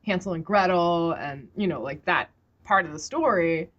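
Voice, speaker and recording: A woman's voice: lowish voice, normal speed, fairly bright tone, highs cut off. A woman co-hosting a casual review podcast, playful and slangy, often breaking into giggles. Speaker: podcast co-host reviewing a story. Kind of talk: casual chat.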